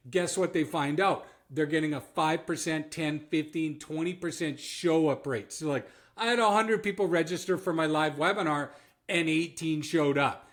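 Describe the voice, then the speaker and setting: A Canadian-accented man coaches other business owners in a direct-to-camera talk, his voice sitting a little high for a man. He is emphatic and keeps checking in with his listeners as he drives each point home. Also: normal speed, a bit bright.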